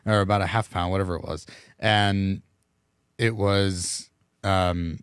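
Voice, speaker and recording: A man talks casually as a podcast guest, rambling and relaxed, with many pauses and fillers. His voice sits very low. The room around him sounds dry. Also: smooth, no room sound. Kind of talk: casual chat.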